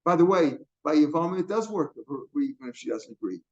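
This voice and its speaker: A man's voice: a little high, animated, quick pace, darkish tone. Man teaching Talmud, lo-fi recording. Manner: explains by repeating and rephrasing, Hebrew and Aramaic terms. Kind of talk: line-by-line Talmud lesson. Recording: dull lo-fi recording.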